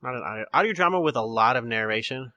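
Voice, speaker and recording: A man's voice: mid-range voice, lively intonation, quick pace, pushed and bright, no echo, muffled recording. A man hosting a podcast in casual chat, rambling with restarts and laughing often. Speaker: podcast host.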